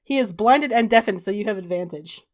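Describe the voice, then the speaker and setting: A woman running a tabletop game as game master, narrating and calling the rules briskly with offhand fillers. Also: mid-range voice, lively intonation.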